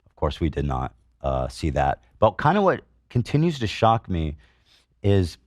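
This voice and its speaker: A man's voice: deep voice, huge pitch swings, measured pace, a little mellow, no echo, clean studio sound. A middle-aged man hosting a podcast, delivering an indignant, swearing commentary monologue and reading comments aloud with sarcasm. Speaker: podcast host.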